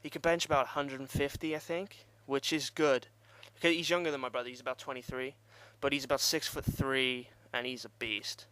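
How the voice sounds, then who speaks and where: A man's voice: medium pitch, little pitch movement, brisk, hardly any pauses, bright, forceful tone, smooth, no room sound. A young man telling a rambling, profane party story in casual vlog style and laughing at himself. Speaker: vlogger.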